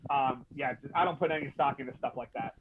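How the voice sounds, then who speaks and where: A man's voice: mid-range voice, quick pace, a little hiss or hum. A man appearing as a podcast guest, talking about wrestling in an earnest, emphatic way. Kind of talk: casual wrestling chat. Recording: tinny phone-like line.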